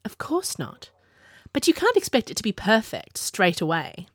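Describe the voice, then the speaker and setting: A woman voicing a bold, self-assured young princess who talks briskly, recorded on a close mic. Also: mid-range voice, huge pitch swings, fairly bright tone, slightly rough, no room sound, pitched above the performer's own voice, full character voice. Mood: sharp. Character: bold, bossy young princess, spirited and teasing.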